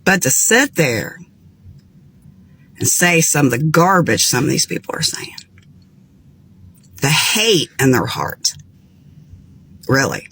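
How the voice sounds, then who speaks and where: A man's voice: a little high, sing-song, slow, creaky, pauses often, pushed and bright, a little hiss or hum. A man giving exasperated, preachy commentary in a reaction video.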